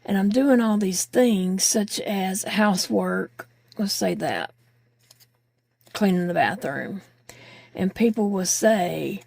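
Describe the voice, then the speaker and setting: A woman's voice: medium pitch, lively intonation, slow, gravelly, darkish tone, husky. A woman vlogging while crafting, chatting candidly and rambling with fillers, sounding tired and short of breath. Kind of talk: casual chat while crafting.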